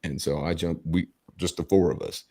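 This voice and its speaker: A man's voice: sits low, fairly even intonation, moderate pace, mellow. A middle-aged man hosting a podcast, telling a story casually and emphatically, swearing heavily and restarting his sentences. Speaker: podcast host.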